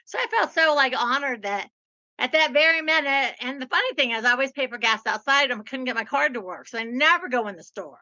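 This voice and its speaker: A woman hosting an interview, telling stories in a bubbly, expressive way. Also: high-pitched, quick pace, lo-fi sound. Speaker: host. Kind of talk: conversational interview.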